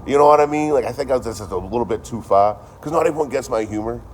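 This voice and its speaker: A man's voice: mid-range voice, fast, darkish tone, slight background noise. A man in his thirties chatting casually on a livestream, with a dry, joking delivery and a lot of swearing. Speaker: livestream host.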